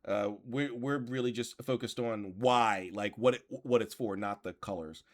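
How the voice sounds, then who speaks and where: A man's voice: mid-range voice, moderate pace. A man hosting a reaction commentary, reading passages aloud and arguing back in an exasperated tone, swearing now and then. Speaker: commentary channel host.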